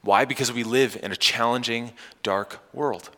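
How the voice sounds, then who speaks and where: Animated male pastor preaching in a hall. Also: mid-range voice, moderate pace. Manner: animated, rising emphasis and playful asides to the congregation. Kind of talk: sermon.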